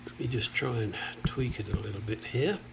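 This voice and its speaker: A man's voice: lowish voice, moderate pace, gravelly, background noise. A man chatting casually while he works on a car in his home garage, with crude jokes and asides, picked up by a nearby camera mic. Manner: talks while working with tools. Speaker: car restoration vlogger. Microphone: camera mic on a stand nearby.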